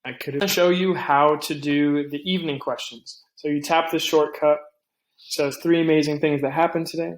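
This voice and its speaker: A man's voice: fairly high pitch, steady tone, normal speed, echoey room. Chatty young man explaining a phone tip. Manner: chatty, thinks aloud with restarts and asides. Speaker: tech tips host. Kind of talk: casual screen-recorded tutorial.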